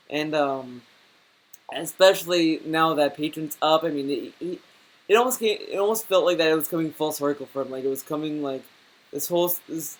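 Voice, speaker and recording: A man's voice: on the high side, rough recording. A man giving a reaction commentary as a YouTuber, stammering and repeating words as he rants and swears.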